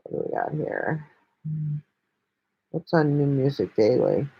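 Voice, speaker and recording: A woman's voice: extremely low pitch, expressive, a little slow, vocal fry, husky, lo-fi sound. A woman hosting a casual live stream, talking bluntly and chattily with lots of swearing. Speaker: livestream host.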